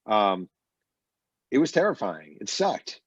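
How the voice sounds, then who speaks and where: A man's voice: fairly low pitch, slow, husky, no echo. A middle-aged man, a best-selling author, telling stories casually in an interview over a video call from his bedroom. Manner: animated anecdotes with acted quotes. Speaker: author guest. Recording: dull lo-fi call audio.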